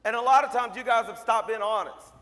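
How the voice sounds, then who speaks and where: A man's voice: very high-pitched, a little fast, pushed and bright. A man giving a motivational speech to a school assembly as a mentor, telling stories emphatically and repeating lines for effect. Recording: long hall reverb.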